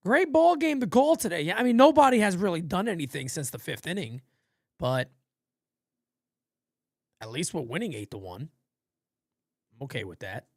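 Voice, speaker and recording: A man hosting a casual live fan play-by-play, rambling and swearing between pitches. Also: big pitch swings, normal speed, long pauses, a little mellow, dry recording, clean studio sound. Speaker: play-by-play host of a fan channel.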